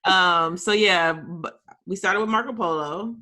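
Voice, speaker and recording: A woman's voice: fairly low pitch, a little slow, sharp tone. A woman co-hosting a casual podcast chat, upbeat and playful. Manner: upbeat, playful, self-described techie. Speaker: podcast co-host.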